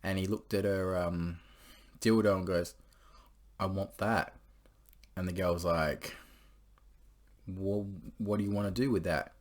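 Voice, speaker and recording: A man's voice: deep voice, steady tone, moderate pace, long pauses, a little mellow. A man casually telling crude stories, rambling, swearing freely and laughing as he goes. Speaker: storyteller host.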